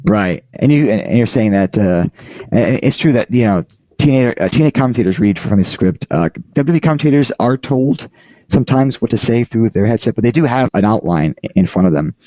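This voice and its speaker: A man's voice: fairly low pitch, animated, dark tone, no room sound, lo-fi sound. A man hosting a casual podcast chat who rambles and restarts his sentences often. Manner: halting, rambling, frequent restarts. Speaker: podcast host.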